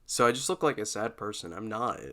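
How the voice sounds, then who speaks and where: A man's voice: lowish voice, brisk, bright, forceful tone. A man hosting his own podcast, rambling casually with self-deprecating jokes, his normal speaking voice sounding glum. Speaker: podcast host.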